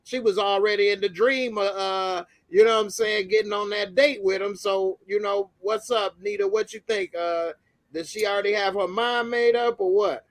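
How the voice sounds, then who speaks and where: A man's voice: high-pitched, normal speed, dry recording. A man hosting a casual TV recap chat, laid-back and slangy, laughing often. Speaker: show host.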